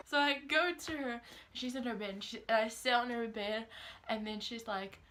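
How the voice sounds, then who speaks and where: A fairly high, sharp-toned voice belongs to a New Zealand teenage vlogger speaking briskly in a Kiwi accent over slight background noise. Her casual storytime is chatty and full of "like," with quotes acted out.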